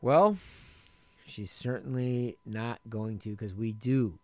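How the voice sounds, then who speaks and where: A man's voice: medium pitch, slow pace, no room sound. A man co-hosting a film podcast, talking over the film in a reflective, casual way. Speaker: podcast co-host.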